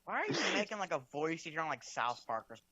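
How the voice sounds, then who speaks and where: A man's voice: fairly high pitch, big pitch swings, rapid-fire, lo-fi sound, crowd noise. A man playing a tabletop game, joking and playful in casual chat. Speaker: player.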